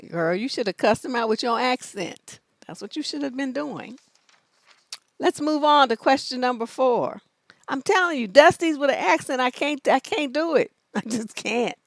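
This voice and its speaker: Profane, blunt woman advice host, high voice. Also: lively intonation, unhurried, pauses often, dry recording. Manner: profane, scolding and emphatic. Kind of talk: blunt live advice show.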